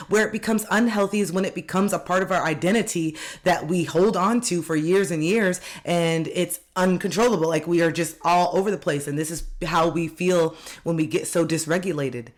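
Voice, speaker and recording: Life coach, self-help video, earnest, reassuring, gentle repeated affirmations, mid-pitched voice. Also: fairly quick. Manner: speaks directly to viewers, coaxing them to open up.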